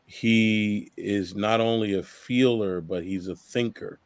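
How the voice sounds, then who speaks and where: A man, a guest on a talk show, speaking as a parent in a thoughtful, measured way. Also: on the low side, fairly even intonation, no echo. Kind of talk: casual interview chat.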